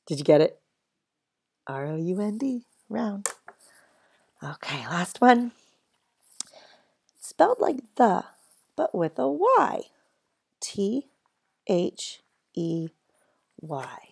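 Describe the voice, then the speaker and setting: A woman's voice: medium pitch, big pitch swings, very slow, vocal fry, long pauses, slightly rough. A woman teaching a phonics lesson to young children, spelling words out letter by letter in an encouraging way.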